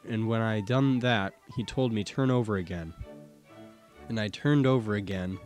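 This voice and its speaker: A man with a fairly low voice reads old court testimony in the first person, in the unhurried manner of an audiobook narrator. His delivery stays steady and measured, and faint music sits quietly behind him.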